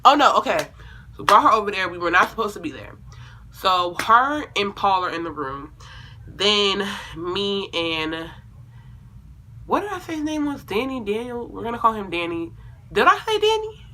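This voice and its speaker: A woman's voice: medium pitch, very animated, normal speed, pushed and bright. A young woman telling a storytime video at home in a casual, rambling way, correcting herself and swearing freely. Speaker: vlogger.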